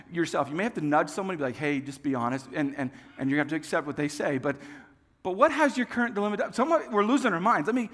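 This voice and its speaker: High-voiced man preaching with hall reverb. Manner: animated storytelling with self-deprecating humor. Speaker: pastor. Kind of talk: sermon.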